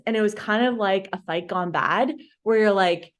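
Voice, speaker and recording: A woman in her thirties, a dietitian guest on a podcast, telling a personal story in a casual, animated way. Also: medium pitch, moderate pace.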